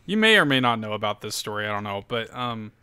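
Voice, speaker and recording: A laid-back young man from Louisiana spins a rambling, profane story between many ums and uhs. His voice is smooth and resonant, recorded dry and close. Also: fairly low pitch, sing-song, quick pace, bright, forceful tone, no room sound. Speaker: podcast host. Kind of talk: casual storytelling chat.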